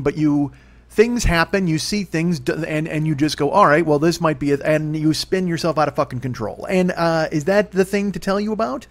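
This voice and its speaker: A man in his forties talks quickly through a rambling solo podcast monologue. His voice sits a bit high, and he swears casually and laughs at himself. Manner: rambling, profane, self-deprecating. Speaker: podcast host.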